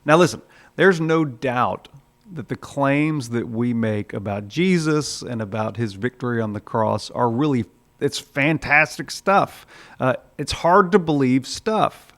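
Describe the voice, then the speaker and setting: A man's voice: mid-range voice, measured pace, a bit bright. A man preaching a sermon in a conversational way, with frequent "uh"s, now and then acting out the voices in his story. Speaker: pastor.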